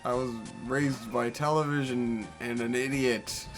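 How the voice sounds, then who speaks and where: A man's voice: medium pitch, fairly even intonation, unhurried, soft background music. A man co-hosting a casual gaming video, laid-back, answering in short lines and swearing freely. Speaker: co-host of a gaming channel. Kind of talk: casual chat over gameplay.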